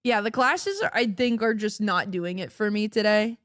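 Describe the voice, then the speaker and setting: A woman's voice: medium pitch, moderate pace, a bit bright, dry recording, studio quality. A woman chatting casually on a live stream, playful and giggly, laughing often, her voice cracking. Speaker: livestreamer.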